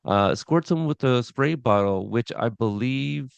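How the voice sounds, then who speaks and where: A man's voice: medium pitch, expressive, a little slow, creaky, smooth, dry recording, dull audio. A man hosting a casual podcast, recapping an episode from his notes in a rambling way with chuckles. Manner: rambling, chuckling, reads scene notes aloud.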